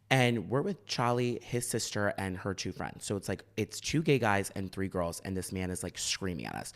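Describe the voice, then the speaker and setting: A man's voice: normal speed, few pauses. A young man, co-hosting a podcast and telling stories in casual chat, acting out the people he quotes. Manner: animated, acts out quotes with big shifts in pitch. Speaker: podcast co-host.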